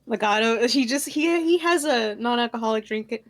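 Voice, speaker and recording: A woman's voice: a little high, moderate pace, no echo. A woman player in casual tabletop banter, playful and teasing. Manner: playful, teasing, laughs a lot.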